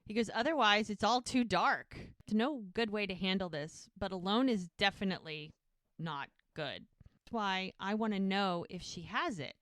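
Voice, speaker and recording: This is a woman co-hosting a rewatch podcast, talking through a TV episode and voicing the characters' dialogue as she goes. Her voice is smooth and clear at a middle pitch. The sound is close and dry, with no room echo. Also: normal speed, fairly bright tone. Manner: retells scenes by acting out characters' lines, laughs often. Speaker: podcast co-host. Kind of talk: casual recap of a TV episode.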